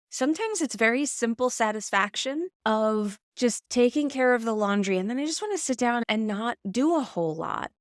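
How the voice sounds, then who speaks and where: A woman's voice: mid-range voice, dry recording, studio quality. Reflective woman hosting a solo podcast. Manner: reflective, explanatory, conversational. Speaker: podcast host. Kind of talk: casual solo podcast talk.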